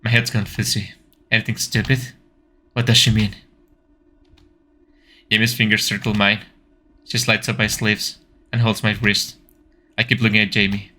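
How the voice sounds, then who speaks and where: Anxious teen girl narrator, second-guessing everything, man reading it in a bright voice. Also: lowish voice, level tone, moderate pace, long pauses, slight background noise. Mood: uneasy. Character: nervous anxious teenage schoolgirl narrator.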